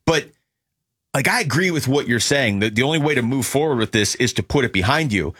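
A man's voice: mid-range voice, animated, fairly quick, a bit bright, breathy edge, no room sound, studio quality. A man co-hosting a sports radio show, breaking down a team's troubles in an analytical, joking way. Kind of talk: sports talk radio banter.

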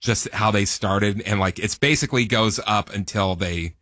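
An American man co-hosting a radio show, telling stories in a relaxed, enthusiastic way. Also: fairly low pitch, normal speed, no room sound, studio quality. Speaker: radio co-host. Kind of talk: casual chat.

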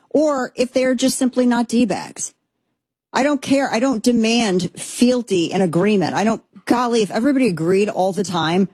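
A woman in her thirties or forties hosting a commentary show, talking in an animated, sarcastic and rambling way with many restarts. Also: medium pitch, husky, dry recording. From Texas, USA. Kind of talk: opinionated monologue commentary.

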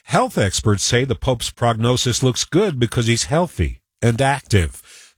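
A male news anchor with a New York accent delivers radio news in a wry, conversational manner. His pitch moves a lot, and his voice is husky. The studio sound is dry and close. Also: dry recording. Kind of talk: radio newscast.

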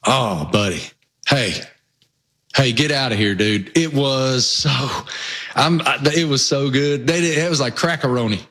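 A man's voice: mid-range voice, a little slow, a bit bright. A man with a Southwest Virginia accent, co-hosting a casual sports chat and telling rambling, folksy stories. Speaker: co-host.

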